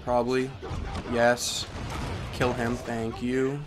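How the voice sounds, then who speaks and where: Young male let's-player, plain mid voice, erratic: quiet asides, sudden loud rants, music bed behind. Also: medium pitch, monotone, slow pace. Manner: swings from mumbling to yelling at the game. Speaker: gaming commentator. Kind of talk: let's play commentary. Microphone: headset or desk microphone.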